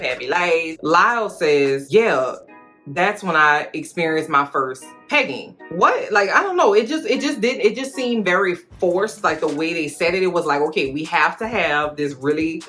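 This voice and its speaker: A woman giving a sassy, animated TV recap and acting out characters in high voices. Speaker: recap vlogger. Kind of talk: casual reaction recap.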